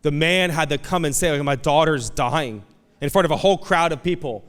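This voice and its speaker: A man preaching a conversational, animated sermon as pastor, acting out quoted voices. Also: fairly high pitch, fast talker, smooth. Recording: long hall reverb.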